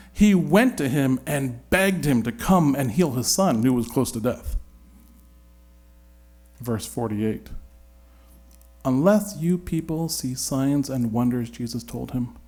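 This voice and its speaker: A man's voice: mid-range voice, darkish tone. A man leading a Bible study, talking it through in a searching, conversational way with frequent restarts.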